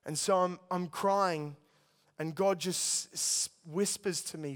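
A man's voice: high-pitched, steady tone, takes it slowly, fairly bright tone, clean tone. Earnest man preaching in a reverberant hall. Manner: storytelling, earnest, addresses listeners as guys. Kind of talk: sermon testimony.

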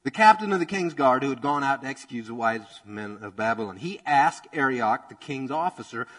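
A man preaching a sermon in a church, energetic and conversational, joking and acting out quotes as he goes. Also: medium pitch, fairly quick, hardly any pauses, rough recording. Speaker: pastor.

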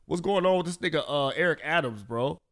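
A man joking around in casual podcast chat, profane and animated. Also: a little high, brisk, slight background noise.

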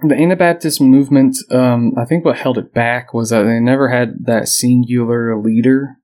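A man's voice: medium pitch, steady tone, moderate pace, darkish tone. Man chatting on a history podcast. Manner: reads notes aloud, jokes and laughs with co-hosts. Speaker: podcast host. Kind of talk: casual history podcast chat.

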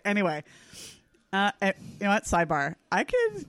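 A woman co-hosting a casual podcast chat, retelling a TV episode in an animated way with many fillers and laughs. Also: medium pitch, normal speed, dry recording, clean studio sound. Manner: animated, giggly, filler-heavy storytelling. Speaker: podcast co-host.

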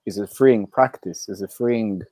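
A man with a hoarse voice speaking in a casual interview, hesitant, with many fillers and restarts. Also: on the low side, unhurried, dark tone, no echo.

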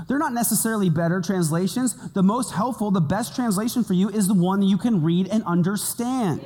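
A man with a slightly high voice teaches his congregation as pastor, chatty and quick with a joke. His voice carries a long reverb from a large church hall. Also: darkish tone. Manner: conversational, playful asides. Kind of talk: sermon teaching.

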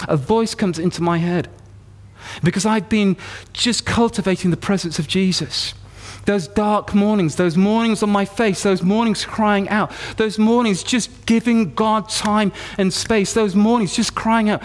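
High-voiced impassioned male preacher. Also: normal speed. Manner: impassioned, rising to fervent repeated declarations; storytelling with quoted prayers. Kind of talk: sermon.

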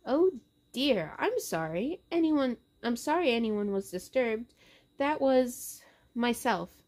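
A woman reading aloud and voicing a nervous killer who feigns polite calm, with an overly cheerful, fussy manner. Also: fairly high pitch, takes it slowly, pitched above the performer's own voice. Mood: falsely cheerful.

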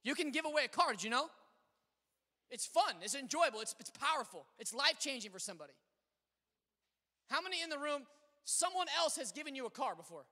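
A man preaching a sermon as pastor, telling stories with animated swings between loud exclamations and quiet asides. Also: extremely high pitch, fairly quick, pauses often. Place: church sanctuary. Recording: long hall reverb.

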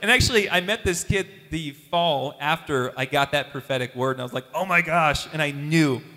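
A man, a youth minister, giving an animated testimony talk and acting out the voices of the people in his story. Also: on the high side, a little fast, long reverb tail.

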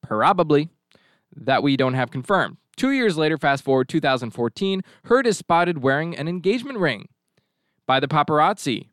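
A man's voice: on the high side, very animated, moderate pace, fairly bright tone, dry recording, clean studio sound. A man hosting a talk show, casually recapping events with sarcastic asides. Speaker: podcast host. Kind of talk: casual commentary.

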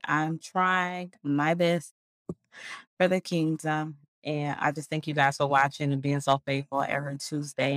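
A woman's voice: low-pitched, no echo, studio quality. A woman hosting a faith podcast, chatting casually with viewers in an affectionate, churchy way and laughing often. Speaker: podcast host. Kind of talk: casual livestream outro chat.

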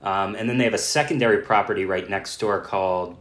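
A man's voice: lowish voice, fairly even intonation, fairly quick, a bit bright. A man co-hosting a travel podcast in casual chat, self-deprecating and laughing often. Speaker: podcast co-host. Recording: roomy echo.

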